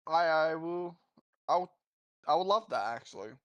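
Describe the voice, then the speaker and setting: Eager, stumbling tabletop player. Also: male voice, on the high side, animated, a bit bright, clear, resonant tone, muffled recording. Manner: eager, halting questions. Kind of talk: casual tabletop game chat.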